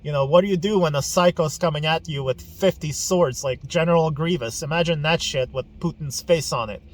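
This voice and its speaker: A man's voice: on the high side, fairly quick. Blunt, profane man. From Ukraine. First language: Ukrainian. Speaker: podcast host. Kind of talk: casual personal vlog.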